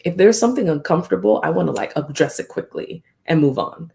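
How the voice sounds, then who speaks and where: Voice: medium pitch, lively intonation, quick pace, gravelly, warm tone. A host talking candidly and reflectively in a casual live stream, often acting out remembered exchanges.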